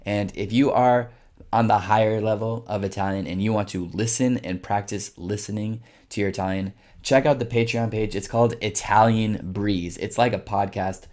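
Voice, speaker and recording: A man teaching Italian in a casual lesson, explaining slowly and repeating phrases for learners. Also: fairly low pitch, darkish tone.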